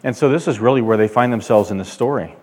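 A man's voice: medium pitch, fast talker. Man, pastor, preaching a sermon, emphatic, mid-range voice. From California. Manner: emphatic preaching, loud when quoting God.

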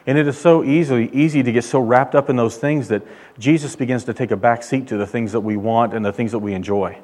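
Male pastor, emphatic sermon delivery, mid-pitched voice, swells in volume on key lines. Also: a little fast. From California. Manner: emphatic preaching, loud when quoting God.

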